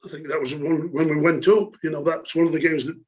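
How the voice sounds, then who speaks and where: A man's voice: a little high, steady tone, fast, darkish tone, breathy edge. A middle-aged man, telling stories from his football career in a chatty way, laughing and using lots of fillers. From England. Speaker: former footballer, guest. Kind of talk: casual storytelling interview.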